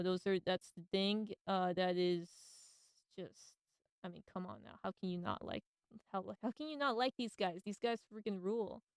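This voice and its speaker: A woman's voice: lowish voice, vocal fry, smooth, dry recording. A woman hosting a casual radio monologue, enthusiastic and slangy. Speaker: radio host.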